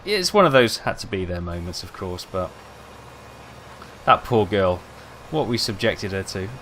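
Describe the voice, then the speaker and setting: A man's voice: low voice, expressive, a little slow, fairly bright tone, a little hiss or hum. A young man rambling casually, telling self-mocking stories over gameplay. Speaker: gaming video host.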